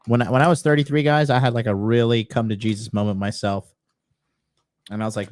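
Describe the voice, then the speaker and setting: A man's voice: medium pitch, steady tone, fast talker, darkish tone, no echo. A man in his thirties hosting his show, talking loosely and swearing to his viewers while laughing at himself. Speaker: host. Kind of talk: casual talk to viewers.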